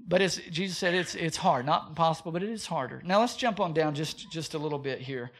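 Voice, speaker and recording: A man preaching a sermon as pastor, animated and full of rhetorical questions. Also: a little high, fast talker, breathy edge.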